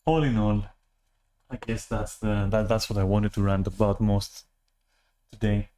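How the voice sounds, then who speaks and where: Speaking to camera in a loose, rambling rant, the man mocks himself and swears without restraint. His voice is lowish, flat, unhurried, mellow, clear and resonant, and his talk is full of restarts and fillers. He's a vlogger.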